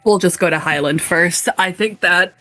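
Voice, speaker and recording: A woman playing a character in a tabletop role-playing game, soft-spoken and a bit hesitant. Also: lowish voice, moderate pace. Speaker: player.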